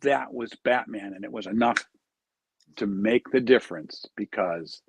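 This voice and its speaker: A man's voice: fairly low pitch, a little slow, slightly rough, no room sound. A man, a charity founder, telling an earnest story in an interview and acting out the quoted dialogue.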